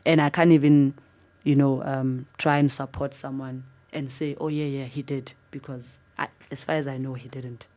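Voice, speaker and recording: Low-pitched South African woman, interviewee, animated earnest storyteller. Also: normal speed. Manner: earnest, animated retelling, voice jumping up for disbelief. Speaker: interviewee, former football captain.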